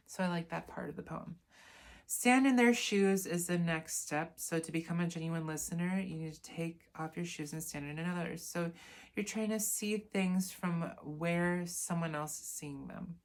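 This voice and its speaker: A woman's voice: on the low side, normal speed. A woman reading from a self-help book in a casual lesson, adding chatty asides and correcting herself as she goes. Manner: reads aloud, then adds chatty asides and self-corrections.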